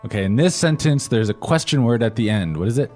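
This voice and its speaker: A man's voice: mid-range voice, expressive, quick pace, a little mellow. Man prompting a language lesson. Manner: prompts with questions, often ends with "right?". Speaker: co-host, learner's voice. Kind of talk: scripted language-lesson podcast. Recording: faint music bed.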